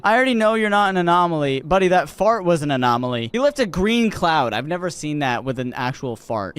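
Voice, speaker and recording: A man with a high voice providing let's-play commentary, teasing and wisecracking at characters on screen. Faint background noise sits under his voice. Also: a bit bright. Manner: joking, teasing the game's characters. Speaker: gaming YouTuber.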